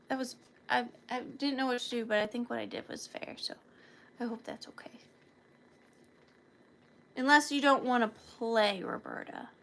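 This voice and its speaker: A woman with a high-pitched, fairly bright voice hosts a live online sale. She chats playfully with viewers and calls them by name in a talkative live-stream selling style.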